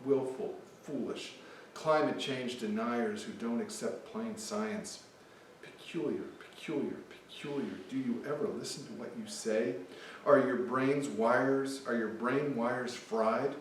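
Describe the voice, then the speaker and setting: A man's voice: mid-range voice, a little slow, hardly any pauses, far from the mic, slight background noise, close to an everyday voice. A man reading a poem in the voice of an indignant Dutch citizen berating two liars, in a stern, scolding way. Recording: echoey hall, mic from afar.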